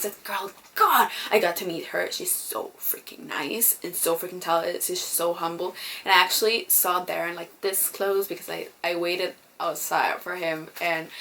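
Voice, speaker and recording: A woman's voice: lowish voice, fairly bright tone, a little hiss or hum. A young woman vlogging in a casual, chatty way, full of ums and casual swearing. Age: young adult. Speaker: beauty vlogger. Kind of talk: casual chat.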